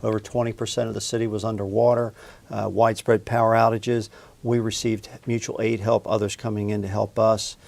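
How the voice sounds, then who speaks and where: Measured municipal official, man, monotone with gravel in the voice. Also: lowish voice. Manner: measured, earnest, uh-filled. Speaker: city utilities official. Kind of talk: interview answers.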